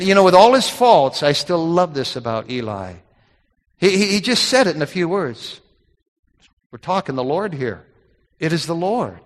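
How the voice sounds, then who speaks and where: Middle-aged guy preaching, folksy stories, trips over his words a lot, voice a bit high, echoing church hall. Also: fairly bright tone. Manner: folksy storytelling with repeated restarts. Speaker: pastor. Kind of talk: sermon. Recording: long hall reverb.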